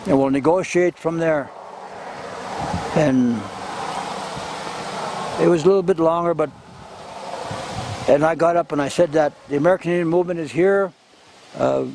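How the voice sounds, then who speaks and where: A man recounting past events as oral history, speaking haltingly and often repeating and restarting his words. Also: fairly high pitch, a little mellow, poor audio. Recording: wind noise on the mic.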